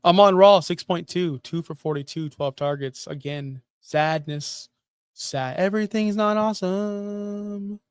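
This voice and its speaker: A middle-aged man hosting a fantasy football show, talking in animated, sarcastic, jokey rants. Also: fairly high pitch, measured pace, clean tone, dry recording. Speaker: fantasy football podcast host. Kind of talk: casual sports talk.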